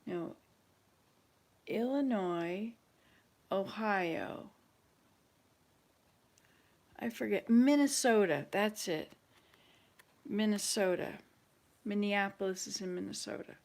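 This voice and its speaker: A woman's voice: mid-range voice, takes it slowly, long pauses, a little mellow. A woman hosting a casual chat with online viewers, thinking aloud and hesitating as she searches her memory. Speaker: channel host.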